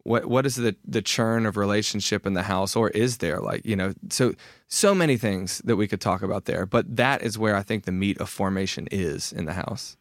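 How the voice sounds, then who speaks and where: A man's voice: on the low side, normal speed, dry recording, studio quality. A man in his thirties, a guest author talking candidly and self-deprecatingly in a casual podcast conversation, often restarting his sentences.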